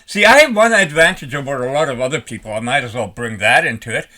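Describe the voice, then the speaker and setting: A retired older man rambling in a folksy, animated way as he talks to his vlog audience. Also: mid-range voice, fast talker. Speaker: vlogger. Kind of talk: casual vlog talk.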